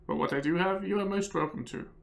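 A man doing a gentle young novice monk. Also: high-pitched, quick pace, gravelly, pitched above the performer's own voice. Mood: kind. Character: humble, kind young male novice monk.

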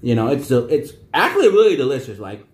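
A man's voice: mid-range voice, wildly swooping pitch, fast, echoey room, a little hiss or hum. A man talking casually as he reviews noodles for his vlog, rambling and restarting his sentences often. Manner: rambling, repeats himself with many restarts and fillers. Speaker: vlogger.

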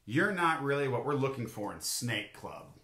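Haughty, bored club animals from a children's storybook turn away a newcomer, as a man voices them. The tone is dismissive, and the voice is bright in an echoey room. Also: mid-range voice, big pitch swings, normal speed.

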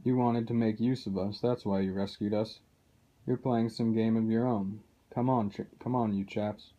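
A man reading aloud, voicing a surly, sneering male dwarf who distrusts everyone, drawling slowly. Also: fairly low pitch, steady tone, dark tone, dull audio, natural voice.

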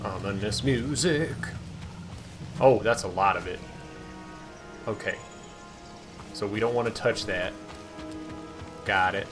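A man hosting a gaming channel, giving excitable let's-play commentary, swearing and talking back to the game. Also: on the low side, slow pace, pauses often. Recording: voice over loud game music.

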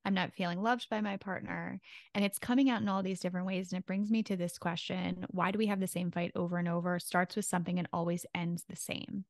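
A woman's voice: fairly low pitch, fairly even intonation, fast, hardly any pauses, no room sound, clean studio sound. A woman co-hosting a podcast as a therapist, explaining in a casual way and often checking in with "right?". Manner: explanatory, rhetorical questions with frequent "right?".

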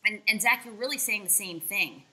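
Bright, emphatic woman host. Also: mid-range voice, fairly quick, slightly rough, rough recording. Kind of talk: casual interview talk.

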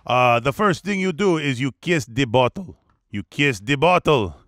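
A man's voice: medium pitch, expressive, moderate pace, a bit bright, no echo, studio quality, natural voice. A man playing a coaxing young traveler. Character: eager young man inviting travelers to a campfire.

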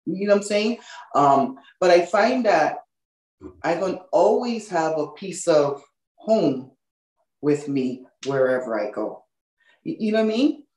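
A woman from Hawaii with a Hawaiian Pidgin accent talks in an easygoing way as an interview guest, often tagging her sentences with "you know what I mean". Her voice sits low for a woman. She is picked up from a distance in an echoing room. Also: lively intonation, a little slow, darkish tone. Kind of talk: casual interview. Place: now living in Texas. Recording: roomy, distant from the mic.

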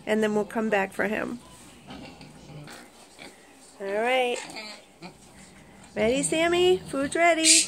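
Woman at home with a slow, gravelly voice, chatting to her pets, all soft and doting. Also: high-pitched. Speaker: pet owner vlogger. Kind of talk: casual talk to pets and viewers. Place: at home indoors, early morning.

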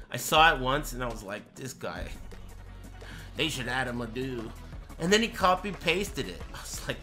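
Male streamer, 20s, profane mock-angry chat banter, lively pitch, clear game music behind. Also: a little slow. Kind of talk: live gaming stream chat.

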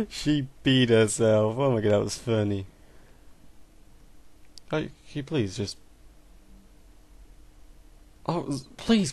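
A man's voice: medium pitch, big pitch swings, takes it slowly, pauses often, darkish tone, dry recording. Man commentating a game on a headset. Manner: exasperated, talks to the game characters, mild swearing. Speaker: gamer doing a let's play. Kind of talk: casual gameplay commentary.

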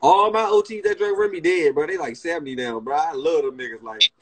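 Here the young DC-area livestream host has a fairly high voice and talks a little fast, roasting a guest in brash, profane, casual chat. Crowd noise runs underneath, and the recording is rough.

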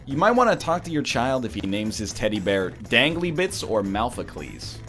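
Animated, bright-voiced man joking around. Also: mid-range voice, normal speed, soft background music. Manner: jokey, animated, laughs often. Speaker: streamer reading game prompts. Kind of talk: casual banter while playing a party game.

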